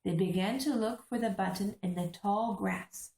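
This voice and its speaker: A woman reading a children's book aloud to English learners, pausing like a teacher to point out the pictures. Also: mid-range voice, darkish tone, roomy sound.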